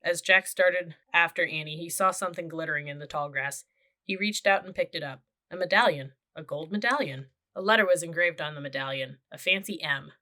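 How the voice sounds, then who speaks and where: An audiobook narrator, a woman, reads a children's chapter book aloud, telling the story steadily and clearly at a brisk pace. Her voice sits a little low, with a bright, forward tone.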